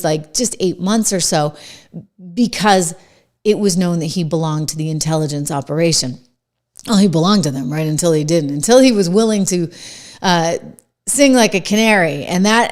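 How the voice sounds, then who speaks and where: A middle-aged woman host with a New Hampshire accent speaks to camera at a medium pitch. Her political commentary is emphatic and conversational, peppered with quick asides.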